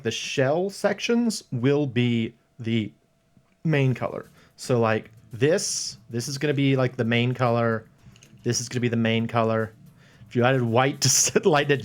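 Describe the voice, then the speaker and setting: Rambling man chatting on a stream. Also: mid-range voice. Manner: rambling, thinks aloud, chuckles at himself. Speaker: livestream host painting a model. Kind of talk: casual live-stream chat with viewers. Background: faint background music.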